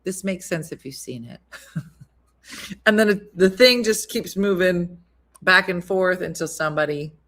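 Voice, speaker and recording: A woman's voice: lowish voice, measured pace, a bit bright. Chatty laughing woman hosting a stream. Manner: chatty storyteller, laughs often. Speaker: live-stream host reading viewer comments. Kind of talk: casual chat.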